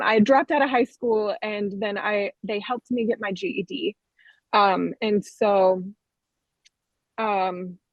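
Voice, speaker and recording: A woman's voice: medium pitch, no echo. A woman guest on a podcast, telling her life story in an earnest, candid way. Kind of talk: personal testimony in an interview. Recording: dull, dry lo-fi sound.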